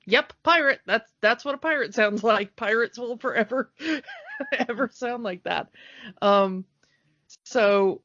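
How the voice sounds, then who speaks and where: This woman co-hosts a nostalgic podcast, chatting casually in a medium-pitched voice. Hesitant and laughing readily, she leans heavily on fillers. A dull, dry lo-fi podcast mic captures her with no room sound.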